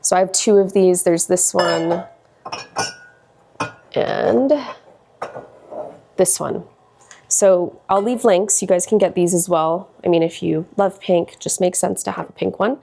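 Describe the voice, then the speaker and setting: A woman's voice: fairly low pitch, fairly even intonation, a little slow, vocal fry, long pauses, mellow, a little hiss or hum. A woman vlogger chatting casually and gushing, with lots of "like" and "um" fillers. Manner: chatty, gushing, many likes and ums. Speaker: lifestyle vlogger. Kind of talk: casual chat.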